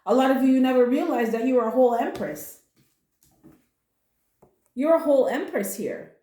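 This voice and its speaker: A woman's voice: high voice, lively intonation, moderate pace, mellow, roomy sound. A woman giving a casual spoken tarot reading, earnest and comforting, emotional at times and blunt with slang. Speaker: tarot reader.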